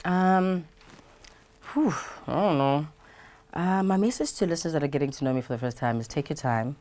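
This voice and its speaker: A woman's voice: deep voice, normal speed, a little mellow. A South African woman, a radio presenter, chatting playfully and animatedly in a casual interview, laughing often. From KwaZulu-Natal, South Africa.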